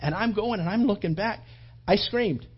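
A man preaching a sermon, telling a personal story in an animated way and acting out his own thoughts. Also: sits high, moderate pace, husky, lo-fi sound. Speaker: pastor.

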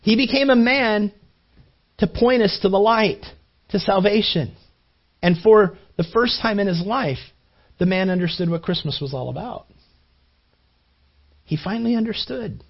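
A man's voice: high-pitched, expressive, a little slow, pauses often. A man preaching a sermon, telling a story in an earnest way and repeating words as he builds. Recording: dull lo-fi recording.

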